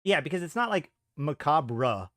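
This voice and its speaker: A man's voice: medium pitch, lively intonation, moderate pace, dry recording, clean studio sound. A man hosting a live stream, thinking aloud in a casual chat with frequent trailing off and restarts. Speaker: streamer host.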